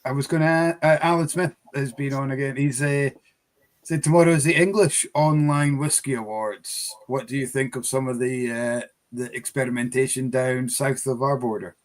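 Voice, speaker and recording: Chatty Scottish shop host. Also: male voice, mid-range voice, steady tone, moderate pace. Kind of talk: casual online chat.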